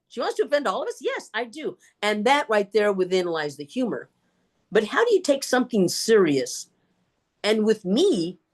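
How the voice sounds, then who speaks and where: A woman speaker answering questions on a video call, with an animated storytelling delivery. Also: medium pitch. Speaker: guest speaker. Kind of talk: Q&A answers in an online meeting.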